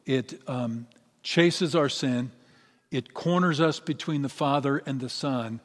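A man's voice: mid-range voice, slow. A middle-aged man preaching a sermon as pastor, earnest and building to emphatic peaks. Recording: long reverb of a large hall.

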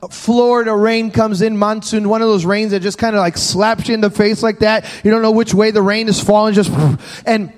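A man's voice: high voice, little pitch movement, fairly quick, long reverb tail. A male pastor preaching a sermon, telling stories with jokes in a preacherly cadence. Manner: storytelling, joking, preacherly cadence.

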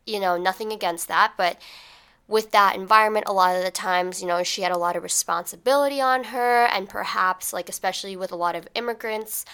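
Bright, chatty young woman podcaster. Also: medium pitch, brisk, clear, resonant tone. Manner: casual, chatty, animated storyteller with many fillers. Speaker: podcast host. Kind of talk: solo podcast monologue.

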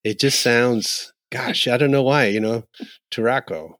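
A man's voice: medium pitch, steady tone, measured pace, a bit bright, no echo, studio quality. A man co-hosting a casual podcast, rambling and jokey, musing aloud with lots of fillers. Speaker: podcast co-host. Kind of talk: casual chat.

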